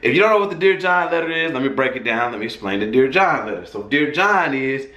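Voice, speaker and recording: A man's voice: medium pitch, animated, quick pace, bright, forceful tone, roomy sound, slight background noise. A man casually telling a personal story in a loose, profane, conversational way.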